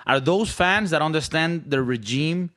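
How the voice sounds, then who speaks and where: A man's voice: a little high, animated, normal speed, a bit bright. A young man with a Venezuelan Spanish accent, co-hosting a podcast in casual, joking, rambling chat. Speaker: podcast co-host.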